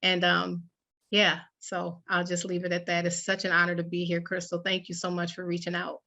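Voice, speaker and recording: A woman with a bright, forward voice speaks on a panel about her work. She sounds heartfelt and close to tears, and now and then rushes through a phrase. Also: lowish voice, monotone. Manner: emotional, heartfelt, talks in quick bursts. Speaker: paraeducator and program founder panelist. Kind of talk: casual panel talk.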